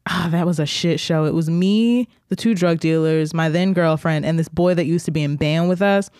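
A woman's voice: sits low, moderate pace, darkish tone, clear, resonant tone, dry recording, clean studio sound. A woman podcast co-host telling a story in casual chat, laughing often and acting out the voices she quotes.

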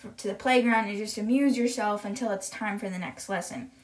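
A woman doing a gentle, calm schoolteacher. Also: medium pitch, brisk, close to an everyday voice.

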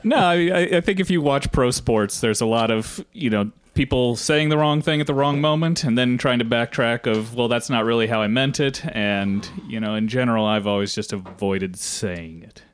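Guest guy on a podcast, laid back, laughs at himself, normal pitch. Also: moderate pace, few pauses, smooth. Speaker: guest, sports team owner. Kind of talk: casual podcast interview.

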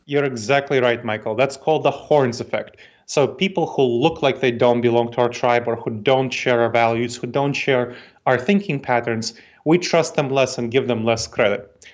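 A man's voice: medium pitch, normal speed, highs cut off. A man in his forties, from Moldova, with an Eastern European accent tinged with New York, explaining ideas methodically as an interview guest. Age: 40s. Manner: methodical, explanatory, repeats key points. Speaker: guest expert.

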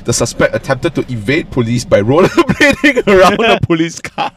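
A man co-hosting a casual chat podcast, reading out a news story and cutting in with sarcastic remarks. His delivery swings up and down in pitch, full of energy. A faint hiss sits under the voice. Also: wildly swooping pitch, moderate pace. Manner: laughs often, reads news aloud with sarcastic asides. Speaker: podcast co-host.

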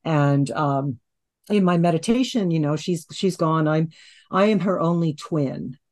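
A woman's voice: deep voice, unhurried, a little mellow. A woman in her sixties, a hypnotherapist and interview guest, telling a long personal story in a rambling conversational way, with many restarts. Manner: rambling, with restarts and "you know".

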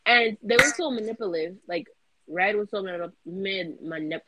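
A woman's voice: mid-range voice, moderate pace, a loud crowd, rough recording. A young woman co-hosting a casual podcast, telling a story in a rambling way, stumbling and repeating her words. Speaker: podcast co-host.

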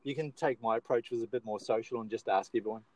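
A man's voice: mid-range voice, fast, a crowd in the background, low-quality recording. A man with an Australian accent hosting a casual podcast chat, easygoing and bantering with his co-host.

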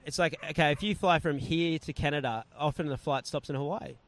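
A man in casual conversation, telling a travel story with lively acted-out quotes. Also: a little high, fairly quick. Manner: animated, acts out quoted voices.

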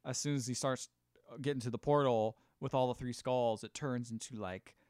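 Male podcast co-host, casual film recap, smooth clear tone, dry close sound. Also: steady tone, moderate pace, a little mellow, dry recording. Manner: rambling, jokey, acts out lines in high silly voices.

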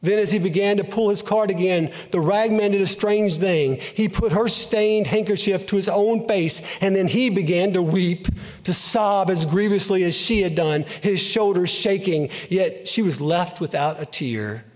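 A man giving an earnest, emotive dramatic reading of a story, in a measured way. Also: high-pitched. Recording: long hall reverb.

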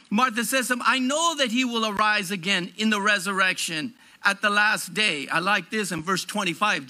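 A man's voice: extremely high pitch, sharp tone. A man preaching a sermon to his congregation, fervent and declaring, stretching out emphatic phrases.

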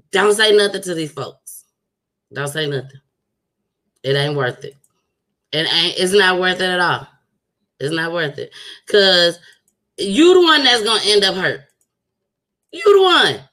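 A woman podcast host giving casual, slangy commentary to her live viewers, animated and preachy. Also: medium pitch, poor audio.

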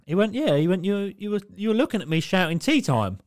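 A man's voice: sits high, quick pace, no room sound, clean studio sound. A man co-hosting a casual podcast, telling stories with lots of swearing and acting out what people said. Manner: animated storytelling, acts out quotes, swears freely. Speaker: podcast co-host. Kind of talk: casual chat.

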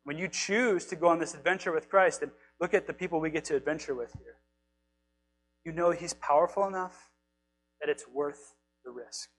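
A man preaching a casual, animated sermon, retelling scripture stories and acting out the quotes in a conversational way. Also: a little high, normal speed, low-quality recording. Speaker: pastor.

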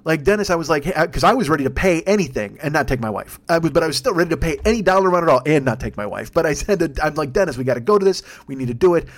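A man's voice: on the high side, animated, rapid-fire, few pauses. A man hosting a podcast on his own, rambling in a profane, self-deprecating monologue full of restarts. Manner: frequent restarts and stammers. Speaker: podcast host. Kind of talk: casual solo monologue.

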